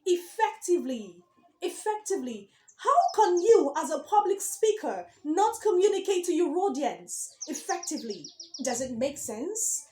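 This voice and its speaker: A woman's voice: extremely high pitch, very animated, a little slow, few pauses, warm tone, roomy sound, a little hiss or hum. A woman giving a speech coaching lesson to camera, emphatic, repeating key words and asking rhetorical questions.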